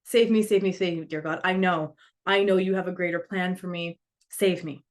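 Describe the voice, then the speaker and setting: Stubborn pleading flood victim, slightly raised pitch, acted by a woman. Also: steady tone, moderate pace, close to an everyday voice. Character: desperate praying man on a flooded roof.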